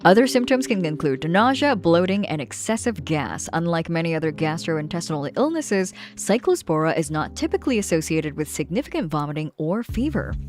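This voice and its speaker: A woman streamer chatting casually while drawing, reading some text aloud and then riffing on it with playful jokes. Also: fairly low pitch. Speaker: streamer and artist. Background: background music.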